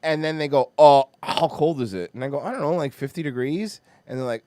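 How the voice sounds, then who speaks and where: Animated profane Florida man. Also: a little high, brisk, hardly any pauses, dry recording, clean studio sound. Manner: loud, animated, mocking, swears constantly. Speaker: podcast host. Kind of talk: profane comedic rant.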